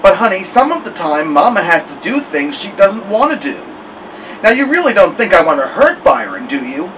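A man's voice: high voice, big pitch swings, normal speed, a bit bright, far from the mic, a little hiss or hum, voice pushed up, low-quality recording. A man voicing a stern mother who talks sweetly while threatening her son, in a storybook reading. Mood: coaxing. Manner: sweet-talking with menace. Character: stern fierce mother, coaxing then threatening.

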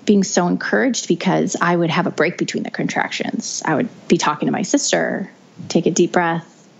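A young woman with a lowish, gravelly voice recounts her birth story as a podcast guest. She talks in a chatty way, restarting her phrases and leaning on "you know." The audio is dull and lo-fi. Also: moderate pace. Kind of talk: casual storytelling.

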